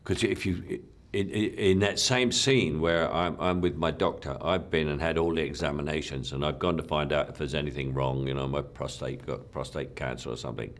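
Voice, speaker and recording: An older man speaks in a very deep, low voice, reflecting on his work as an actor. He rambles, doubles back on his words and lets his sentences trail off quietly. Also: steady tone, moderate pace, hardly any pauses. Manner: rambling, repeats words, soft trailing asides. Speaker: actor being interviewed. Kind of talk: reflective interview talk.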